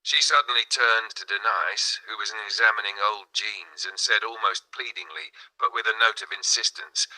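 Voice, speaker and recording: A man narrates a spiritual novel in a measured, dramatic read. His voice is lowish with a notably bright, tense edge. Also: poor audio. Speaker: audiobook narrator. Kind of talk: scripted narration.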